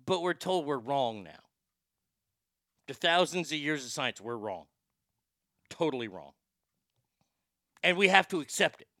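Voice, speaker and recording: A man's voice: on the high side, big pitch swings, unhurried, long pauses, sharp tone, no echo, clean studio sound. A man hosting a talk show, ranting in sarcastic, profane comedic commentary and ad-libbing wild stories. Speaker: podcast host.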